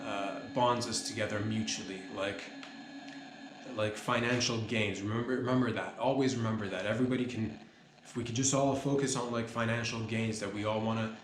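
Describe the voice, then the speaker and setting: A man's voice: lowish voice, steady tone, fairly quick. Rambling mock-serious man in an echoey room. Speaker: comedy podcast host. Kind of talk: rambling deadpan comedy monologue. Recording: roomy echo with faint noise.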